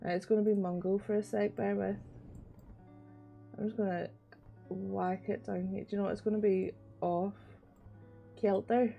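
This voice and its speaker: A young woman from Northern Ireland with a Northern Irish accent, chatting casually and excitably on a live stream and swearing often. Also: medium pitch, moderate pace, vocal fry, pauses often. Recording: dull lo-fi stream audio with soft music. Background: soft music.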